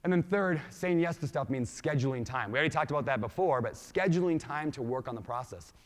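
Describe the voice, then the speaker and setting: A conference speaker with a slightly high voice talks fast in an energetic keynote, firing questions at the audience. His accent blends Minnesota, Washington and Hawaii, and the recording carries the reverb of a large conference hall.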